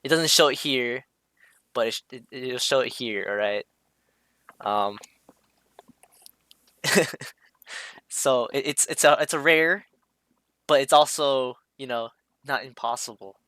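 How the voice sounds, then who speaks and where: A man's voice: mid-range voice, takes it slowly, pauses often, sharp tone, clean tone, no room sound. A man talking casually over a drawing, hesitant, with many fillers and restarts. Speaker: streamer explaining a drawing.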